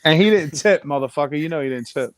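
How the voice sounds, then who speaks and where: A man's voice: fairly high pitch, expressive, a crowd in the background. A man, a podcast guest, telling a brash, profane story in casual chat. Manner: brash, quick-talking, profane.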